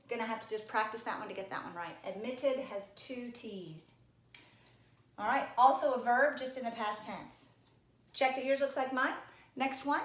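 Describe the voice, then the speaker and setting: A woman teacher giving a recorded spelling lesson, playful and teasing, sounding words out slowly. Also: on the high side, a bit bright, roomy sound.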